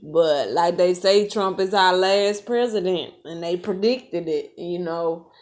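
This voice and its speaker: Low-voiced woman musing aloud. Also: a little slow. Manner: musing, thinking aloud, relaxed. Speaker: reaction video host. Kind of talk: casual reaction commentary.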